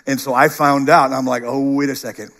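A middle-aged man preaching a sermon, animated, dropping to a hush and rising to loud bursts. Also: medium pitch, fast talker. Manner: animated, shifts between hushed and shouted. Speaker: pastor.

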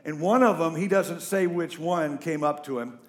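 A man preaching a sermon to a congregation, animated and emphatic. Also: moderate pace. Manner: animated, emphatic preaching with big pitch swings. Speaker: pastor. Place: church stage before a congregation.

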